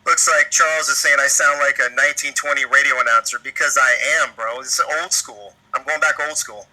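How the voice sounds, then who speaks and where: Upbeat male co-host, bright tinny old-radio sound. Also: mid-range voice, fairly even intonation, a little fast. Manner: upbeat, calls viewers "bro", reads chat names. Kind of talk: casual livestream chat.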